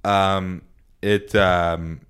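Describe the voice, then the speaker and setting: A man's voice: low voice, little pitch movement, very slow, fairly bright tone, smooth. A man casually telling a long story on a podcast, rambling with lots of fillers and restarts.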